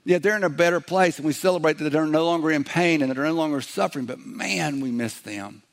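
A middle-aged man preaching a sermon in a conversational way, slipping into quick acted-out voices as he goes. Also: a little high. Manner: conversational preaching, acts out little quoted voices. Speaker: pastor.

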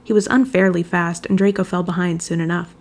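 A woman narrating a fan fiction chapter aloud, reading in an even, measured storytelling manner. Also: fairly low pitch.

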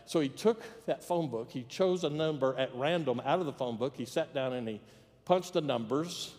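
At a normal pace and medium pitch, a slightly mellow-voiced pastor preaches in a church sanctuary, weaving jokes into a story and acting out its characters' voices. The church hall gives the recording a long reverb.

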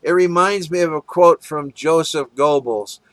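A man's voice: fairly high pitch, unhurried, no room sound. A man preaching, telling a parable as an earnest sermon story with little acted quotes.

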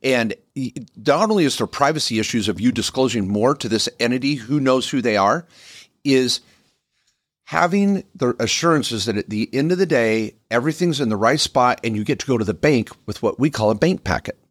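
Animated man pitching on a podcast. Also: brisk, no room sound, clean studio sound. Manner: animated, emphatic sales pitch with frequent restarts. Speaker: podcast co-host, business lawyer. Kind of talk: casual podcast chat.

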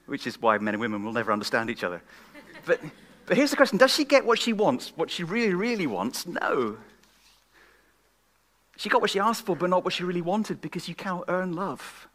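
A man preaching a sermon at a church gathering, swinging from loud emphatic questions to hushed, whispered lines. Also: high-pitched, very animated, a little fast. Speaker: guest preacher.

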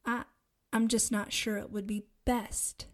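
An anxious teenage girl, earnest and unsure of herself, as a woman reads her in a storybook. Her voice lifts higher than the narration and wavers with hesitation. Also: level tone, measured pace.

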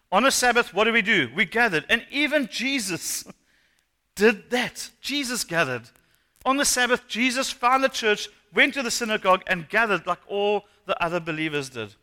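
A male pastor preaching a sermon, animated and asking the congregation questions. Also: high-pitched. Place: church hall. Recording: long hall reverb.

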